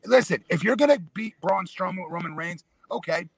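A man's voice: sits high, expressive, a little fast, creaky, dry recording, low-quality recording. A man on a casual wrestling podcast, arguing booking points emphatically and lecturing his co-hosts. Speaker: podcast co-host. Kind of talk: casual wrestling opinion chat.

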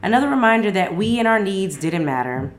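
A woman's voice: mid-range voice, very animated, fairly quick, faint music behind. A woman casually reviewing a book and reading from it aloud, enthusiastic and full of slang and swearing.

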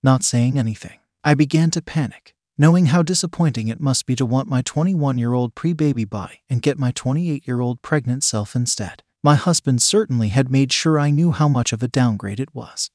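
A man narrating an erotic story in a steady, even reading manner. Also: mid-range voice, normal speed, dry recording, studio quality.

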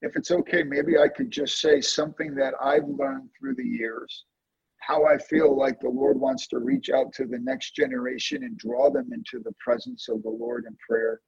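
A man earnestly telling an emotional story of prayer in a conversation, with lively swings in his voice. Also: normal speed, gravelly, husky, dry recording, dull audio. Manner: earnest, emotional testimony with animated swings in pitch. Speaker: guest, prayer ministry leader.

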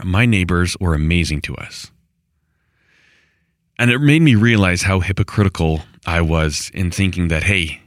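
The rural homestead vlogger, a middle-aged man with a deep, slightly bright voice, talks to camera in a casual, meandering monologue. He keeps restarting and tossing in exasperated asides, and the clean studio recording has no room sound.

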